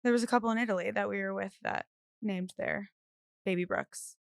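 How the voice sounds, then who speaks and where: A woman's voice: medium pitch, fairly even intonation, fairly quick, creaky, no room sound. A pregnant young woman co-hosting a podcast in a studio, chatting animatedly and teasing her partner. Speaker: podcast co-host. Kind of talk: casual chat.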